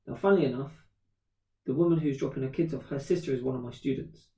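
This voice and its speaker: A man in his thirties, a podcast co-host, telling a story in casual chat, animated and swearing freely. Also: medium pitch, fast talker, gravelly. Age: 30s. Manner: animated, swears freely, acts out quoted voices. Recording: roomy echo, distant from mic.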